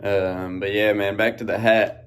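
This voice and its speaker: A man's voice: fairly low pitch, flat delivery, normal speed, clear, resonant tone. A man hosting a podcast, talking in a laid-back, rambling way full of folksy slang. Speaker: podcast host. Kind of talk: casual monologue. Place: outdoors in farm fields.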